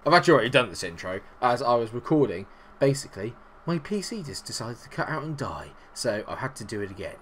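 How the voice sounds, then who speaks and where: Young man, gaming commentary, excitable, self-mocking, medium pitch, home computer setup. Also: quick pace, a little hiss or hum. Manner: excitable, jumps to high, loud bursts of glee. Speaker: gaming YouTuber. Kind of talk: let's-play commentary.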